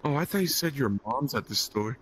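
A man's voice: medium pitch, expressive, a little fast, a crowd in the background. A man chatting casually in a VRChat session, teasing the others with absurd jokes. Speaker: VRChat player. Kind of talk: casual game chat.

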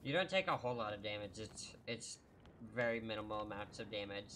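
A man's voice: on the low side, lively intonation, brisk, sharp tone, a little hiss or hum. A man co-hosting a podcast while playing a video game, talking in an easygoing, plain-spoken way. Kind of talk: casual gaming chat.

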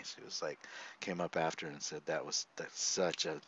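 A man, a podcast guest, telling stories in a lively, conversational way and laughing often, heard over a video call. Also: sits low, dull audio, slight background noise. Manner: animated, laughs often, quick asides. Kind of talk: conversational storytelling.

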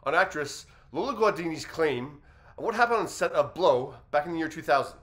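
A man hosting an entertainment news commentary, reasoning aloud in a measured way as he weighs a story. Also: on the high side, lively intonation, a bit bright. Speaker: commentary host.

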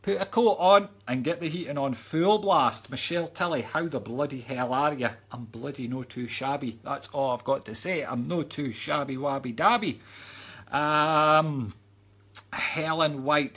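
Husky Scottish man ranting in live chat. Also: on the high side, normal speed, a bit bright. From Scotland. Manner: chatty, ranting and joking, drops into mock whispers. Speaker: psychic medium reading live chat comments. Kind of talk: casual live-stream chat.

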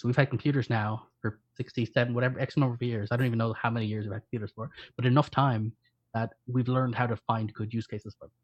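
A man with an Irish accent, co-hosting a live stream in quick, rapid-fire casual chat. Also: medium pitch. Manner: rapid-fire, self-described fast talker. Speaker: co-host. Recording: dull lo-fi stream audio.

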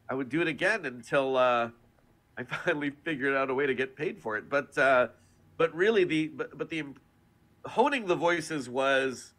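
A man speaking as a voice-actor guest in a relaxed interview, with a bright, ringing voice that sits a little high for a man. He speaks animatedly, laughs often and keeps slipping into character voices. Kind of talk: casual interview.

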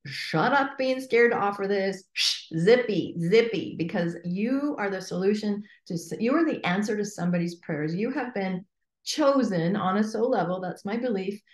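A woman's voice: medium pitch, normal speed. Emphatic woman coach in a roomy space. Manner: emphatic, animated, playfully acts out imagined inner voices. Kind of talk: interview guest.

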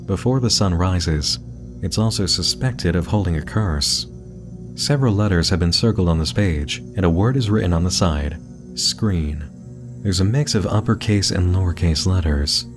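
Male host with a low voice, steady explainer, video essay narration. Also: normal speed, over music.

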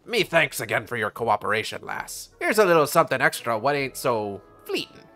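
An actor playing a jovial, shrewd seafaring merchant in a game, with a put-on old-fashioned pirate-ish accent. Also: male voice, medium pitch, big pitch swings, fairly quick, sharp tone, faint music behind. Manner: jovial, folksy, salesman-like. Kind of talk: game voice acting.

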